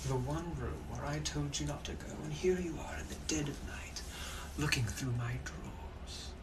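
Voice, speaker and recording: A man voicing a genteel, menacing British gentleman from the 1800s, in a whispered role-play with a silky, possessive, threatening manner. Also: medium pitch, a little slow, background noise, close to an everyday voice. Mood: whispered menace.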